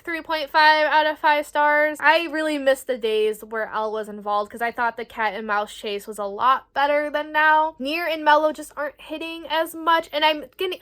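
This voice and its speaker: A woman's voice: high-pitched, fairly bright tone. A woman in her twenties giving a casual book review, rambling, swearing freely and reacting with animation. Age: 20s. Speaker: book vlogger.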